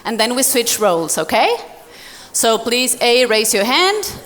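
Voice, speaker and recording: A young woman from Latin America speaks to a live audience in a bright, fairly high voice, animated and quick to laugh. She gives the crowd instructions and tells her story as a motivational speaker. Her stage mic carries the long reverb of a large hall.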